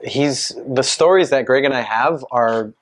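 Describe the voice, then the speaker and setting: A man's voice: medium pitch, measured pace. A man co-hosting a casual chat, teasing a friend while telling stories from their youth. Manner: storytelling, teasing. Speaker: co-host.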